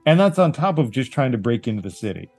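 A man runs a tabletop game, painting vivid scenes and cheering on his players. His mid-pitched voice sounds dry and close, with faint music behind. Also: sing-song, quick pace, a little mellow, dry recording. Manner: vivid, encouraging scene-setting. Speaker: game master.

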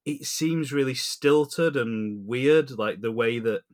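Man, mid pitch, rambling, animated, laughs often, casual podcast chat. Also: slow. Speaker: podcast co-host.

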